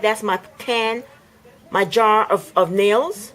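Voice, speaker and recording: A woman's voice: medium pitch, slow pace, a bit bright, poor audio. Indignant woman ranting in her apartment. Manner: heated, repetitive, indignant. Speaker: vlogger. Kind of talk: angry home vlog rant. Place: apartment indoors.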